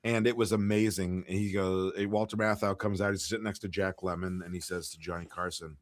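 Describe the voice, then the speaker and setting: Low-voiced man rambling through anecdotes. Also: steady tone. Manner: rambling anecdote-teller, halting with fillers. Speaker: podcast co-host. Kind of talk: casual chat.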